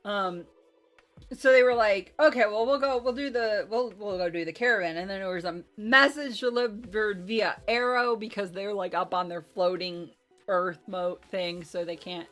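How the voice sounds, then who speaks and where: A woman's voice: mid-range voice, moderate pace, fairly bright tone. Chatty woman recapping a game, music behind. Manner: chatty, self-deprecating, rambling with many fillers. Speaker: host recapping a tabletop game. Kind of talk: casual chat.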